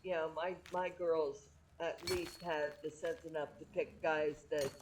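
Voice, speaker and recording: Middle-aged woman, casual candid chat, low voice, very slow pace, faint background noise. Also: steady tone, low-quality recording. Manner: rambling and candid, with frequent restarts. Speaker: streamer.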